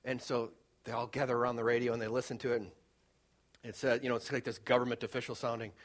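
A male pastor preaching a sermon in a conversational, emphatic way, moving between loud urging and hushed storytelling. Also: medium pitch, flat delivery, fast.

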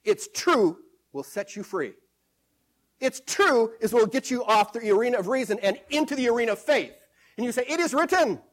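A male preacher delivering a sermon, repeating scripture phrases with emphasis and swinging between hushed and loud passages. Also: very high voice, expressive, moderate pace.

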